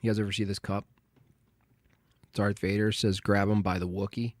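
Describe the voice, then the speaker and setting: A man's voice: fairly low pitch, flat delivery, moderate pace, no room sound. A Canadian man hosting a livestream, chatting casually and joking with his viewers while he fixes his stream setup. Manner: rambling, joking, talking to chat while fixing his stream. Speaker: livestream host.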